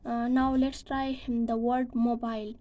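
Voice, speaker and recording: Woman, class presentation, halting delivery full of fillers, fairly high voice, monotone. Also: highs cut off, slight background noise. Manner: hesitant, many fillers and restarts. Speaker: student presenter.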